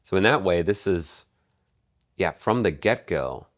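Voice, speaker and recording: A man co-hosting a podcast, speaking in a measured, halting way about poetry and pausing often to find his words. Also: sits low, lively intonation. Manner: measured, halting, with many pauses and fillers. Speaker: podcast co-host. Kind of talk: casual literary discussion.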